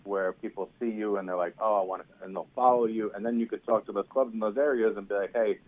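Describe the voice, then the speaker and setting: A stand-up comedian from New York, a man, telling stories quickly and with self-deprecating humor in a casual interview. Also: lowish voice, fairly even intonation. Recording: tinny phone-like sound.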